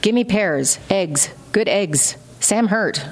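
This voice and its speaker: A woman's voice: medium pitch, expressive, slow, big-room sound, voice pushed up. A woman reading the terse, broken signed words of a female bonobo, urgent and pleading.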